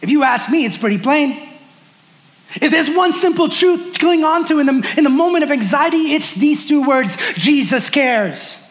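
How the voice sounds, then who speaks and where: High-voiced animated male preacher. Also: moderate pace. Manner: animated and conversational, heavy use of "like". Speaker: pastor. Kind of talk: sermon.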